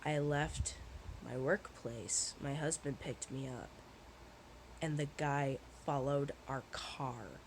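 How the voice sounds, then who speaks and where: A woman vlogger with a rumbling low voice speaks slowly, telling a personal story in a casual, rambling way full of restarts. She swears often, sounds shaken, and is candid, on a low-quality recording with a little hiss or hum.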